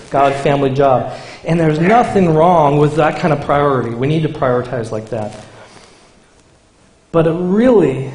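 Emphatic preacher man in an echoey room. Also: a little high. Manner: emphatic, rising to forceful declarations, then conversational asides to the congregation. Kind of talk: sermon.

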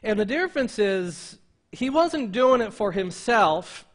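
A man preaching a sermon as pastor, emphatic and slowing down to stress quoted lines, often repeating words as he restarts. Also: high voice, sing-song.

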